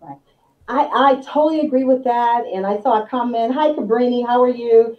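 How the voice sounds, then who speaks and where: A woman's voice: fairly high pitch, normal speed. A woman co-hosting a live panel discussion, chatty and joking as she puts questions to the guests. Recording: echoey, distant, dull sound.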